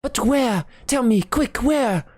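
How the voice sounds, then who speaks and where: A woman voicing a middle-aged father who stammers and blusters in excitable, indignant bursts. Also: a little high, takes it slowly, no echo, studio quality, voice pushed up. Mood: panicked.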